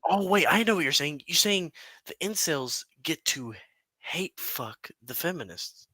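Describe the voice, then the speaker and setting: A man's voice: on the high side, animated, unhurried, sharp tone, no room sound. A young man co-hosting a podcast in casual, crude joking chat, giggling often. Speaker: podcast co-host.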